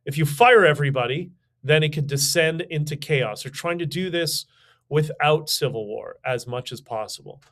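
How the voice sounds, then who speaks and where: A man's voice: a little high, normal speed, fairly bright tone. A man hosting a livestream, giving casual, opinionated commentary with many fillers, restarts and sardonic asides. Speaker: podcast host.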